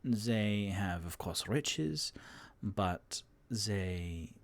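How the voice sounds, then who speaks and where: Man doing a French-accented woman, slow, measured, soft-spoken, low, tabletop game character. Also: animated, heavily acted. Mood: informative. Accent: French (put on).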